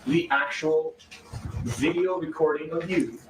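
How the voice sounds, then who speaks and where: A man's voice: a little high, unhurried. A man cross-examining a witness in a courtroom, pressing with insistent yes-or-no questions. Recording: distant, echoey, noisy courtroom audio.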